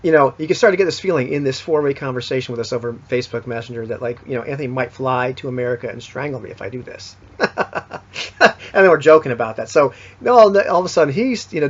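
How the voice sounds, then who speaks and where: A man with a husky, slightly breathy voice talks casually through a recap of a tabletop game session. He rambles and backtracks, full of fillers and restarts. The sound is dull and lo-fi. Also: mid-range voice. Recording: dull lo-fi recording.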